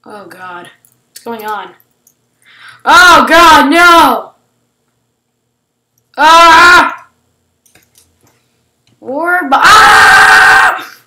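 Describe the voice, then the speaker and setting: Excitable high-voiced woman gaming. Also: extremely slow, pauses often, reverberant, a little hiss or hum, poor audio. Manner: excitable, shrieks and gasps at surprises. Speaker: gaming channel host. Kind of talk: casual gameplay commentary.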